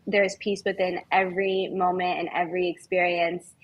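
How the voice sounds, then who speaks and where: A woman guest on a podcast, speaking in an earnest, heartfelt, measured way in casual conversation. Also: lowish voice, level tone, rough recording.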